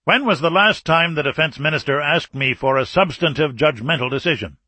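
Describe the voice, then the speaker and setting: A man's voice: a little high, lively intonation, a little fast, sharp tone, no room sound, voice pushed up. A man reading an audiobook, voicing a stern older Soviet army marshal with a grave, urgent, insistent delivery.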